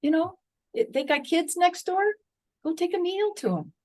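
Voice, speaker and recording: A woman's voice: very high-pitched, moderate pace, a little mellow. An older woman speaking as a guest in an interview, earnest and encouraging in a folksy way, sometimes acting out her own inner dialogue. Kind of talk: interview conversation.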